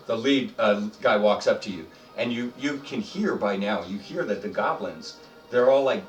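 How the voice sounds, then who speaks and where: A man running a tabletop game as game master, narrating in a chatty, halting way with many fillers. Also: fairly low pitch, animated. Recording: roomy, distant mic, faint music.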